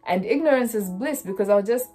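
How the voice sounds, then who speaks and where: A woman's voice: fairly high pitch, lively intonation, fairly quick, dark tone, breathy edge. A woman in her twenties telling a personal story in a vlog, earnest and often checking in with the listener. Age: 20s. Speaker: student vlogger.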